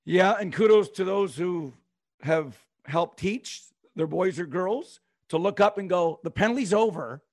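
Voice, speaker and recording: A man's voice: high-pitched, measured pace. A man co-hosting a sports talk show, animatedly recounting a game play by play. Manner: animated, recounts plays, hums tunes. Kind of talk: play-by-play storytelling.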